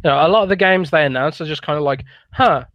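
A man's voice: a little high, racing, a bit bright, no room sound, muffled recording. A man co-hosting a casual gaming podcast, a games blogger who talks in an easygoing, candid way and laughs often.

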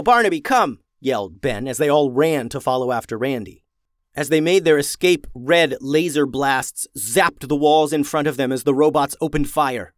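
A man's voice: mid-range voice, dry recording, clean studio sound. Man reading a children's story aloud. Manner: expressive, dramatic slowing for suspense.

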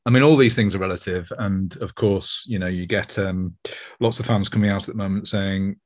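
A man's voice: deep voice, brisk. A man hosting a fan podcast, talking in a reflective, rambling way with many restarts. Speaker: podcast host. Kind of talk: casual podcast chat.

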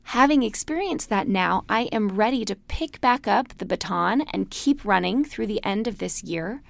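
A middle-aged woman gives a casual spoken lecture, drifting into a folk tale as she chats. Her voice carries a gravelly fry, and it sits dry and close to the mic. She laughs easily as she talks. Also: medium pitch, animated, moderate pace, no room sound. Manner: chatty, storytelling, laughs often. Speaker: class instructor.

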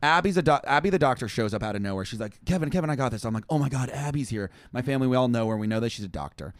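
A young man telling a long, rambling story in casual chat, animated and full of fillers. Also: mid-range voice, very fast, no echo. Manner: animated, rambling, heavy use of "like". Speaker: touring musician, guest.

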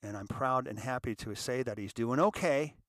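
A man's voice: mid-range voice, moderate pace, dry recording, studio quality. A middle-aged man, host of his own show, telling a reflective personal story in a conversational way and acting out the quotes. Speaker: podcast host.

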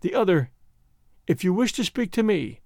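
A man voicing a proud, strained noblewoman who speaks in an even, mechanical tone. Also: high voice, normal speed, no echo, studio quality. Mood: flat, mechanical. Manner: even, mechanical, quiet delivery.

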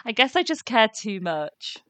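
A woman from England co-hosts a relaxed podcast, cracking jokes at a steady clip. Her voice rises and dips with plenty of life. The sound is close and dry, with no room around it. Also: a little high, no echo. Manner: playful, quick jokes. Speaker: podcast co-host. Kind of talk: casual chat.

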